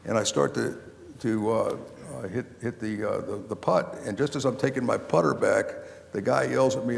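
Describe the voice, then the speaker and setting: A man's voice: mid-range voice, moderate pace, vocal fry, slight background noise. An older man, an author and former county official, telling rambling anecdotes with many restarts at a live book talk. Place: lecture hall before a live audience. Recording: long hall reverb.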